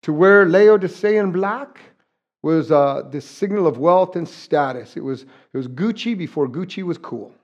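A man's voice: a little high, expressive, a little slow, lo-fi sound. A middle-aged man from southern New Mexico preaching a conversational sermon, folksy and joking, with frequent restarts. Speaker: pastor.

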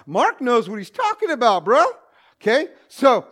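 Man, high voice, self-mocking storyteller, joking asides, talking to a crowd. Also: very animated, measured pace, bright, forceful tone. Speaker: speaker telling a story to an audience. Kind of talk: humorous personal storytelling to a live audience.

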